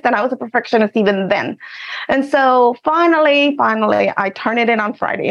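A woman from Texas, an author, telling a personal story in an animated, laughing way. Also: a little high, lo-fi sound. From Eagle Pass, Texas. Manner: animated, laughs often while telling stories. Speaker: author and guest. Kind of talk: casual storytelling.

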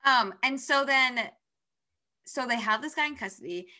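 A woman's voice: sits high, moderate pace, pushed and bright. A young woman in casual chat, animatedly retelling a book's plot and acting out the characters' lines. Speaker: book podcast co-host.

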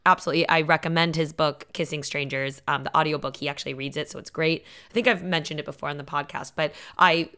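A woman's voice: sits low, steady tone, fast, few pauses, pushed and bright, smooth. A woman co-hosting a podcast, chatting casually and retelling stories with quoted lines and frequent laughter. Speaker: podcast co-host. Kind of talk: casual chat.

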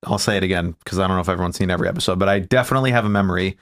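A man's voice: sits low, rapid-fire. A man co-hosting a podcast, telling funny childhood stories in casual chat. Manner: storytelling, animated, laughs often. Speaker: podcast co-host.

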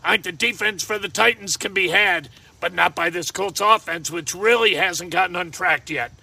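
A man's voice: high-pitched, normal speed, creaky, sharp tone, husky, no echo. A man giving football and golf betting picks in a jokey, rambling monologue, talking to himself. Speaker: sports betting picks host.

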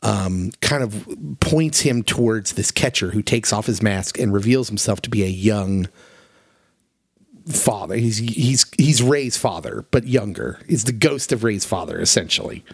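A man's voice: on the low side, animated, unhurried, slightly rough, no echo, clean studio sound. A man co-hosting a podcast, earnestly retelling a story in casual chat with plenty of feeling. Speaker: podcast co-host.

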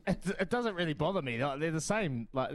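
A bantering New Zealand man hosting sports radio from the studio, quick to laugh and lean on "mate". His voice sits a touch high for a man. He keeps the chat loose and playful. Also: lively intonation. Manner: jokey, laughs often, says mate a lot. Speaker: radio sports show host.

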